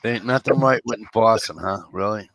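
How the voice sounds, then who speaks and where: A man's voice: on the low side, moderate pace, a bit bright, no room sound, rough recording. Blunt, profane man in casual banter. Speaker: podcast co-host.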